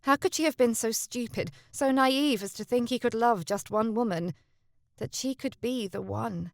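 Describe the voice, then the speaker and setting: A woman's voice: on the high side, normal speed, vocal fry, no room sound, clean studio sound. A woman narrating a historical romance audiobook, lifting her voice for the heroine.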